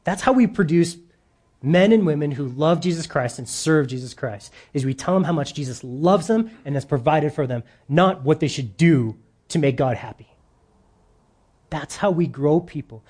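A man preaching a sermon as pastor, animated, dropping to soft emphasis at the ends of phrases. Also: a little high, moderate pace, husky.

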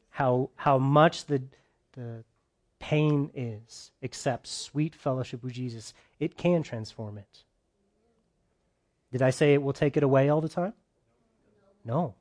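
A man preaching a conversational sermon who keeps asking his listeners questions and swings between loud, emphatic bursts and quiet, soft stretches. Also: medium pitch.

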